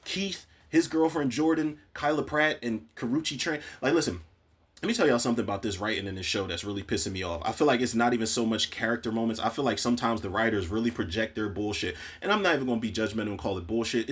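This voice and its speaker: A man's voice: lowish voice, fast talker, a bit bright, husky. A man giving a casual, profane spoiler recap of a TV episode, acting out the characters' lines as he goes. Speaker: TV recap podcaster.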